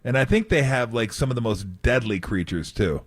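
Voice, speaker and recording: A man's voice: medium pitch, moderate pace, slightly rough, dry recording, clean studio sound. A man hosting sports radio, chatting casually in a joking way and acting out quotes. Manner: joking, animated, laughs often, acts out quotes. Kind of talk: casual chat.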